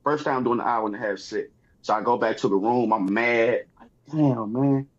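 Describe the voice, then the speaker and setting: Man, texan accent, husky voice, lively storyteller, muffled lo-fi audio. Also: medium pitch, normal speed. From Texas. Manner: animated, acts out other people's lines in his stories. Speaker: comedian guest. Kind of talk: storytelling in casual chat.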